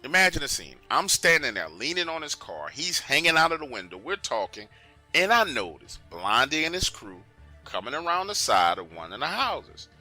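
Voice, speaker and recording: A man's voice: fairly high pitch, big pitch swings, moderate pace, pushed and bright, soft background music. Emphatic man telling a true story. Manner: emphatic, conversational, keeps saying "listen to me".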